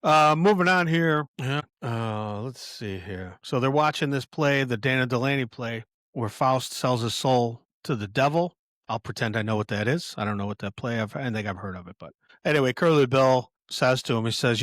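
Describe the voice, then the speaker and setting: A man's voice: medium pitch, moderate pace, fairly bright tone, dry recording, studio quality. A man hosting a podcast in a casual film commentary, rambling with many restarts and chuckles. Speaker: podcast host.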